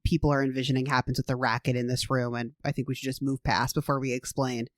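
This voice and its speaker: A woman's voice: rumbling low, level tone, fast, dry recording. A woman co-hosting a podcast, making dry, wry remarks in casual chat. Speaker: podcast co-host.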